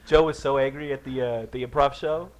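A man's voice: medium pitch, fairly even intonation, brisk. A man co-hosting a radio show, playful and given to laughing in casual banter. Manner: giggly, playful, bashful. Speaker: radio co-host. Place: radio studio.

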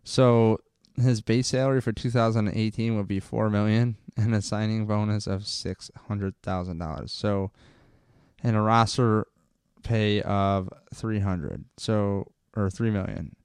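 A man's voice: on the low side, steady tone, measured pace, darkish tone, clear, resonant tone, dry recording, clean studio sound. A man hosting a live sports podcast, chatting casually, rambling and getting fired up, with frequent swearing. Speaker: podcast host. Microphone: close microphone.

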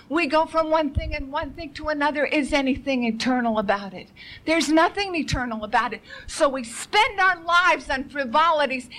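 Woman preacher, fervent and pleading, high bright tone, repeats for emphasis. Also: poor audio. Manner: urgent, fervent, rhetorical questions. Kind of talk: impassioned sermon.

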